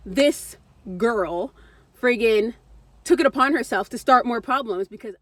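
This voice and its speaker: A young woman with a somewhat high voice tells a story on her vlog. She is animated and blunt, swears freely, and acts out the other people in the story. Her delivery is casual and conversational. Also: unhurried, no room sound. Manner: animated, blunt and profane, acting out what others said. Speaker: vlogger.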